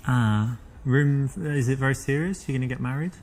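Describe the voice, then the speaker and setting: A man's voice: mid-range voice, normal speed, darkish tone. A man speaking game dialogue, flirting awkwardly and stumbling over his own words with restarts and self-corrections. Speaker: dating coach playing himself. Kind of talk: live-action game dialogue.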